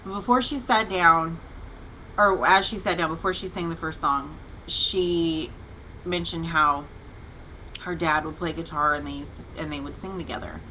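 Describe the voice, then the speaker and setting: A woman's voice: deep voice, normal speed, sharp tone, a little hiss or hum, low-quality recording. A woman hosting a casual devotional vlog, telling a long story in a chatty, rambling way with many fillers and restarts. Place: home livestream. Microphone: webcam or computer mic.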